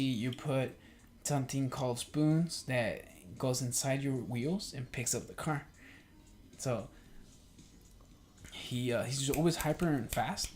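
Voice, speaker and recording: A young man hosting a podcast, talking casually in a rambling way, with lots of fillers and swearing, and acting out quoted talk in a livelier voice. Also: medium pitch. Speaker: podcast host. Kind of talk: casual chat.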